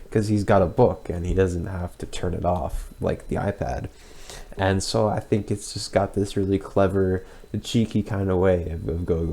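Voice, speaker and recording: A young man with a deep voice and plenty of gravelly fry, thinking aloud as he reacts to an old video of his own. He hesitates often and circles back on himself as he talks. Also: steady tone, mellow. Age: young adult. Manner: hesitant and rambling, with many pauses and restarts. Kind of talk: casual reaction commentary.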